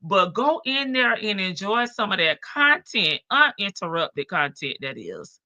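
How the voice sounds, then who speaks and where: Woman streamer w a big country voice, bright tone, dry close sound, chatty greetings. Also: medium pitch, big pitch swings, a little slow, dry recording, highs cut off. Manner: greets chat viewers one by one, chatty and drawling. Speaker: livestream host. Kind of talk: casual livestream chat.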